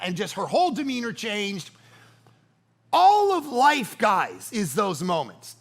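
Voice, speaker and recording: A man in his thirties preaching a sermon, telling stories with animated, jokey delivery. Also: high-pitched, unhurried, gravelly. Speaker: pastor.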